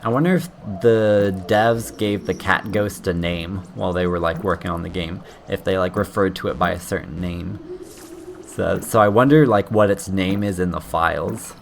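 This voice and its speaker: A man with a fairly low voice talks his way through a video game, thinking aloud and cursing at his own slips. He trips over his words and yelps when a jump goes wrong. A steady hiss of noise sits under the recording. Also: moderate pace, creaky. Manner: thinking aloud, frequent swearing and restarts, yelps at mistakes. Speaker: streamer playing a game blind. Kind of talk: casual gameplay commentary.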